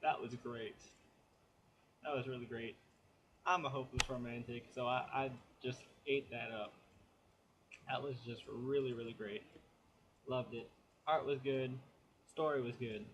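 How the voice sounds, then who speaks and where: A man's voice: mid-range voice, steady tone, measured pace, pauses often, noisy background. Guy chatting through a comic review, loose and rambly, ordinary mid voice. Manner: chatty, rambling plot retelling full of fillers. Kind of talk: casual spoken review.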